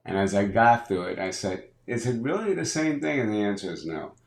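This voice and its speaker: Energetic older man, roomy sound. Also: on the low side, brisk, gravelly. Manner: energetic storyteller who acts out dialogue. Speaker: guest, business advisor and speaker. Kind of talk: podcast interview. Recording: roomy echo.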